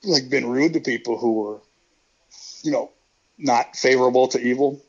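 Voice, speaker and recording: A man with a gravelly, husky voice tells rambling, profane stories in a casual interview, laughing often. The sound is slightly dull and lo-fi. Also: mid-range voice, normal speed. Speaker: guest, retired pro wrestler.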